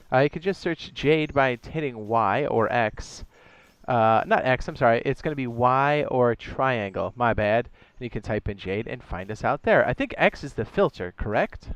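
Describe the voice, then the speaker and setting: A man hosts a casual game live stream. His voice is smooth and resonant, and the recording is close and dry. He chats easily, reads out viewer messages and often stops to correct himself. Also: medium pitch, dry recording. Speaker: streamer and server host.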